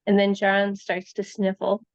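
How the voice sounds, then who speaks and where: A woman's voice: mid-range voice, monotone, measured pace, dry recording, muffled recording. A woman guest, a researcher and writer from Canada, retelling a true crime case in casual conversation and acting out the quoted lines.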